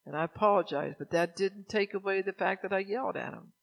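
A man's voice: sits high, brisk, vocal fry. An older man preaching a sermon in a conversational, anecdotal way, often asking his congregation questions.

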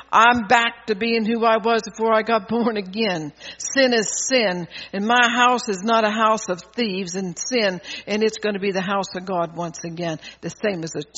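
A man's voice: high voice, sharp tone. A man preaching a fervent sermon at a church service, asking the congregation rhetorical questions. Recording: dull audio with long hall reverb.

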